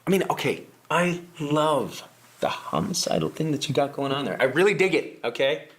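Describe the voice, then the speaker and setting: A man's voice: on the high side, sing-song, moderate pace. A man playing a sarcastic political strategist in a comedy sketch, who laughs at his own lines. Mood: smug. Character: scheming male political strategist coaching activists.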